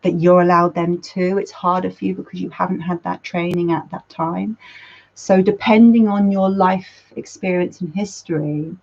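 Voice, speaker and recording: A woman's voice: mid-range voice, darkish tone. A woman hosting a community chat as a counsellor, talking casually in a rambling, self-correcting way and swearing now and then. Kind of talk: casual talk. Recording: dull lo-fi sound.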